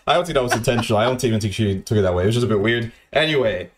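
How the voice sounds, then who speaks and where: A man tells a story to his stream chat in a rambling, unpolished way. He stammers and restarts sentences and swears constantly. His voice sits at an ordinary middle pitch. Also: lively intonation, rapid-fire, background noise. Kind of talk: casual profane storytelling commentary.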